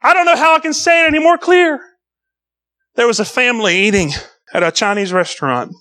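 A middle-aged man preaching a sermon as pastor, swinging between loud emphatic lines and quiet low ones. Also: animated, brisk.

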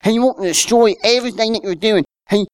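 A man's voice: high-pitched, a little fast, clean tone, no room sound. A man, preaching a sermon in a conversational style with rhetorical questions and personal stories. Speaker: pastor.

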